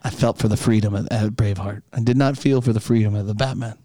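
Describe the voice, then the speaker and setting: A man co-hosting a casual podcast, tossing in quick jokes and banter. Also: lowish voice, steady tone, dark tone, no room sound, studio quality. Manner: joking banter, quick quips. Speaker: podcast co-host.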